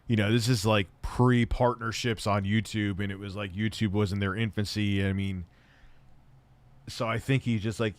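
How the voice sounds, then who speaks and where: A man's voice: moderate pace, dry recording. Profane, chatty male streamer. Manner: profane, animated storytelling, acts out quotes in high shouts. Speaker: host. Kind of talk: casual livestream chat.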